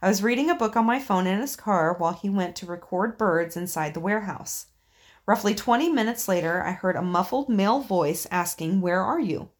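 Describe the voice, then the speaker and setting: A woman's voice: medium pitch, brisk. A woman co-hosting a podcast, reading listener ghost stories aloud and chatting casually, with occasional swearing. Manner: swears casually, laughs often.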